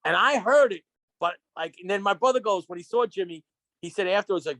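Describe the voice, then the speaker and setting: A man as a podcast guest, telling stories in an excitable, rambling way, full of restarts and acted-out quotes. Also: high voice, brisk, no room sound. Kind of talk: casual storytelling chat. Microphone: podcast microphone.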